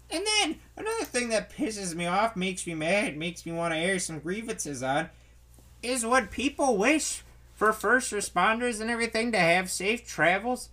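A young man rants on his own podcast with a lively voice that swings up and down. He sits a little high for a man and talks in an exasperated, profane way, mocking the people he complains about. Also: normal speed. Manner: exasperated ranting, swearing, mocking quoted people. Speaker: podcast host. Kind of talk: solo podcast rant.

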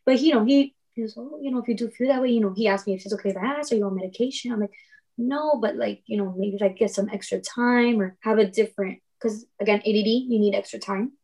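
A woman's voice: mid-range voice, quick pace, mellow, husky. A young adult woman telling stories in casual conversation as a podcast guest, laughing often and acting out quoted dialogue.

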